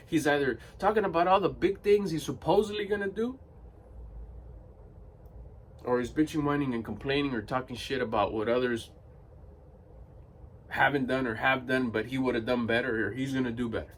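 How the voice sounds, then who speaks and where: Blunt, animated man giving motivation. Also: on the high side, moderate pace, pauses often, recorded from a distance, slight background noise. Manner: blunt, emphatic, rhetorical. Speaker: motivational vlogger. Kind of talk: motivational monologue.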